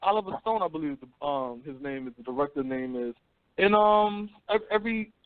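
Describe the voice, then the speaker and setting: High-voiced, animated man on phone-line radio. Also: brisk, no echo. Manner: animated, profane, swings between mocking voices. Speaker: radio show host. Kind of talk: casual call-in radio talk.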